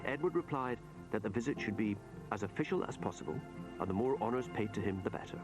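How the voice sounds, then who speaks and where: A man reading scripted documentary narration in a measured voice. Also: lowish voice, animated. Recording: narration over loud music.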